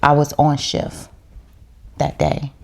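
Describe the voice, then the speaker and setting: A woman's voice: deep voice, completely flat delivery, slow pace, creaky. A woman, a podcast guest, telling her story in casual chat in a heartfelt, reflective way.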